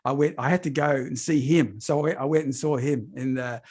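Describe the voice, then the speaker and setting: A man's voice: mid-range voice, moderate pace, darkish tone, breathy edge. A middle-aged man hosting a podcast interview, effusive and upbeat, often repeating his praise. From Australia. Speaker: podcast host. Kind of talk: enthusiastic interview chat.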